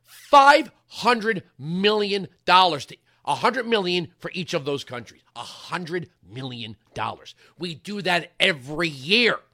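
Fiery, high-voiced man ranting on air. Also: expressive, unhurried, hardly any pauses. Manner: impassioned, emphatic, rises to yelling. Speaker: talk show host. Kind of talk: political commentary monologue.

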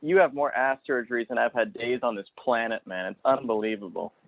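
A man calling in to a radio show, teasing the host in a low-key way. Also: a little fast, creaky, dry recording. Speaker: caller. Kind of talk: casual chat. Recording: phone line.

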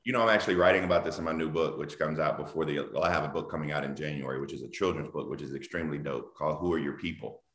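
A man from the South, a guest author talking over a video call in an animated, laughing, emphatic way. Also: extremely low pitch, very fast, few pauses. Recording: echoey room on a video call.

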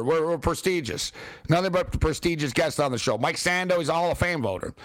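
A man hosting a late-night sports radio show, ranting and joking in an excitable, wisecracking way. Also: on the high side, fairly quick, no echo, clean studio sound.

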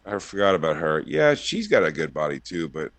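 A man's voice: sits low, very animated, brisk, fairly bright tone. A young adult man co-hosting a comedy podcast, rambling and telling crude jokes. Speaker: podcast co-host. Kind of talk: casual comedic banter.

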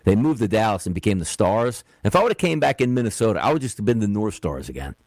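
A man with a lowish voice hosts a casual sports radio show. His pitch swings widely and he sounds opinionated and animated. The sound is dry and close. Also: fast talker, no echo. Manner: animated, opinionated, drops low when grumbling.

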